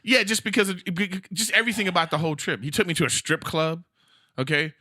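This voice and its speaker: Podcast host guy, lively pitch, dry close sound, chatty and quick to agree. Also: no room sound. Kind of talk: casual chat.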